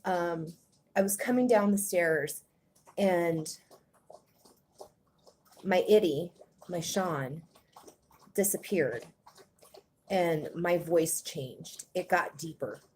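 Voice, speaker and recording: A woman born in Germany, speaking hesitantly with many pauses in a personal confessional vlog, a little out of breath. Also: on the low side, a little mellow, a little hiss or hum. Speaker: vlogger.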